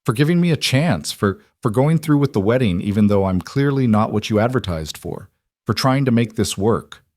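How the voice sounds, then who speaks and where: A man's voice: fairly low pitch, lively intonation, moderate pace, darkish tone, dry recording, natural voice. A man reading the part of a talkative, cheerful widowed frontier husband, speaking earnestly.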